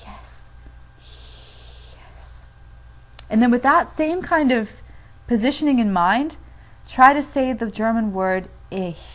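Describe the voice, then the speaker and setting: A woman's voice: on the high side, expressive, normal speed. A young woman from the United States giving a chatty pronunciation lesson on video, with frequent fillers. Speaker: language teacher.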